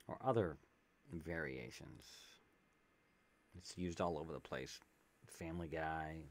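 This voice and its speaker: A man's voice: extremely low pitch, unhurried. A man streaming a video game, chatting casually and reading game text aloud with jokey asides, on a desk microphone. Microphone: desk USB microphone with pop filter.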